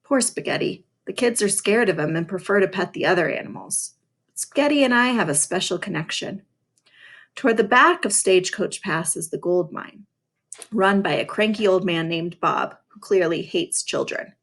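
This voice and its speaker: A woman's voice: mid-range voice, animated, moderate pace, fairly bright tone. Woman reading a novel aloud, dry. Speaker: reader.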